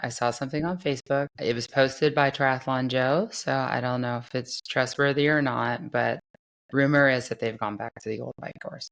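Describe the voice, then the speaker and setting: A middle-aged woman hosting a podcast and coaching triathletes, hoarse after losing her voice, chatting in a rambling, laughing way. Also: very deep voice, fairly even intonation, normal speed. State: hoarse from a lost voice. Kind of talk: casual podcast chat.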